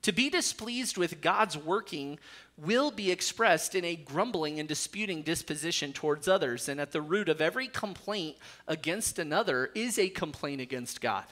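A man's voice: on the high side, expressive, normal speed, pushed and bright. A male pastor preaching a sermon, earnest, with dry jokes slipped in.

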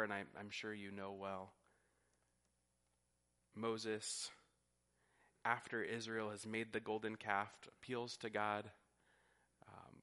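A man's voice: fairly low pitch, pushed and bright. A man preaching a sermon, teaching earnestly and often repeating words as he goes. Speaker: pastor.

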